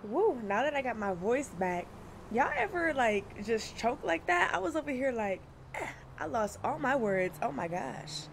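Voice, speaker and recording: A woman's voice: fairly high pitch, very animated, moderate pace, vocal fry, slight background noise. Chatty young woman streamer greeting chat. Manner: chatty, laughs often, greets chat by name. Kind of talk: casual livestream chat.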